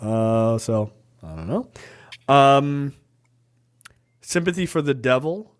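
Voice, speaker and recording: A man co-hosting a podcast, chatting casually about movies, animated, laughing and swearing. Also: mid-range voice, takes it slowly, clean tone. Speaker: podcast co-host.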